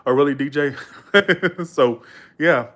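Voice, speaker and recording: A man's voice: a little high, takes it slowly, fairly bright tone. Chatty man telling a story. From Georgia, USA. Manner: rambling, self-correcting, colloquial, quotes others in raised voice. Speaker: live streamer chatting with viewers. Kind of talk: casual chat and storytelling.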